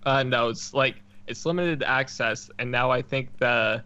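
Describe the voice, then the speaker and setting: Bright-voiced man on a slightly dull line. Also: medium pitch, a little slow, clear, resonant tone. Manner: chuckling, easygoing, swears casually. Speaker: podcast co-host. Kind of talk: casual chat.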